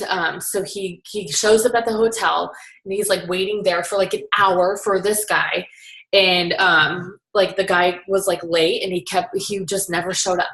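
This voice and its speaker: A young woman, appearing as a guest, recaps a seminar in a relaxed, chatty story packed with filler words. Her voice is mid-range and slightly bright, and the recording has a roomy echo.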